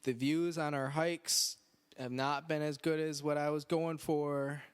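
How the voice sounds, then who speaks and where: A man's voice: a little high, level tone, measured pace, smooth. Sarcastic man hosting a casual podcast. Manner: dry, sarcastic, joking. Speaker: podcast host. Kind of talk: casual chat. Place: indoors on a couch.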